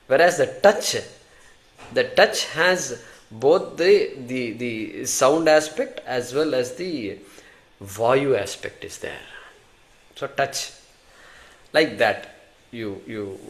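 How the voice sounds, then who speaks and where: A man's voice: medium pitch, creaky. Indian man teaching scripture, question-and-answer style. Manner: conversational, poses questions to the class and answers them; recites Sanskrit terms and verses. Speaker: Vedanta teacher. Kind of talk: scripture class lecture.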